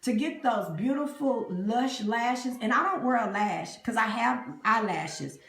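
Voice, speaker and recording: A woman talks her live viewers through a makeup tutorial, greeting them by name as she works. Her voice has a gravelly fry, and the phone mic picks up an echoey room. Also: fairly high pitch, measured pace, fairly bright tone. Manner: chatty, greets live viewers, calls them y'all and honey. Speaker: beauty vlogger. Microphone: phone camera up close.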